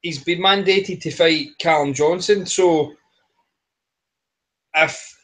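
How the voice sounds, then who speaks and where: A man's voice: on the high side, takes it slowly, long pauses, a bit bright. A man on a casual podcast panel, blunt, sweary and skeptical.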